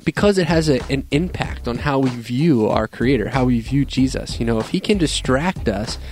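A man's voice: medium pitch, animated, moderate pace, a little mellow, slight background noise. A man co-hosting a faith radio show, reflecting earnestly between playful quips, with frequent fillers. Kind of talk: casual faith talk on radio.

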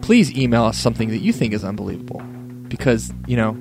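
A man's voice: medium pitch, very animated, fast, music in the background. A man co-hosting a Christian radio podcast, talking in a laid-back, rambling way and laughing often. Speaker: co-host. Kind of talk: casual podcast chat.

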